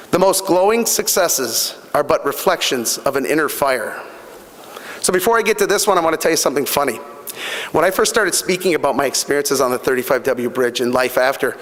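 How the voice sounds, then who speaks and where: A man's voice: mid-range voice, a bit bright. A middle-aged man giving a motivational speech at a fundraising breakfast, telling personal stories earnestly, with fillers and repeats. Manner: earnest storytelling, repeats himself, many fillers. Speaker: guest speaker at a fundraising breakfast. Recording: long hall reverb.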